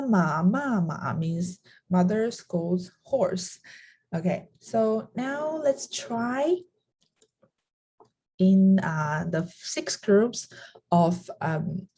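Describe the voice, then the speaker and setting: A woman's voice: fairly low pitch, dark tone, slightly rough. A young adult woman, a native Chinese speaker, teaching a beginner lesson on tones and voicing each tone to demonstrate it. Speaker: language teacher.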